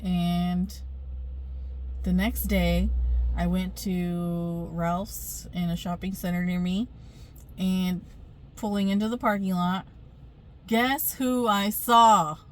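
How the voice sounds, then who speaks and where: A woman's voice: on the low side, little pitch movement, slow, long pauses, warm tone. A middle-aged woman telling a rambling storytime vlog into her phone camera, chatty, with many fillers and frequent laughs. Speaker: spiritual vlogger.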